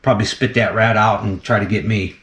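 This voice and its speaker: A man's voice: lowish voice, normal speed, a bit bright. Laid-back man in an echoey room. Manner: chatty, laughs often, talks to the animal. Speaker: snake keeper and channel host. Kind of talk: casual vlog commentary while feeding a snake.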